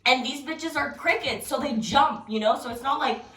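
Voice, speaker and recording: A young woman vlogging at home in a blunt, profane, animated rant, recorded from a distance with background music. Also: high-pitched, moderate pace. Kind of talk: casual rant to camera. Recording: roomy, distant from mic, music behind.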